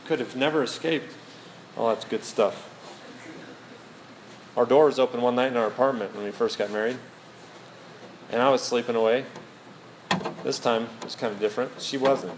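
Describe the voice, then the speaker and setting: Middle-aged male pastor, mid-pitched voice, folksy self-deprecating storyteller in the pulpit, faint room noise. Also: expressive, moderate pace, pauses often. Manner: storytelling, self-mocking humor. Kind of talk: sermon.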